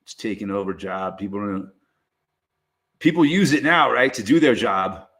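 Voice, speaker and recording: Rambling, cursing low-voiced man. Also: animated, fairly bright tone. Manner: rambling, profane, halting restarts. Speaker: streamer. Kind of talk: casual rambling monologue.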